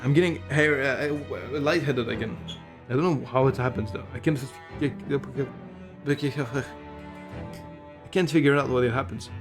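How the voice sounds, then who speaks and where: A man's voice: mid-range voice, moderate pace, music in the background. A young man streaming a game, chatting casually and swearing often. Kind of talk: casual gaming commentary.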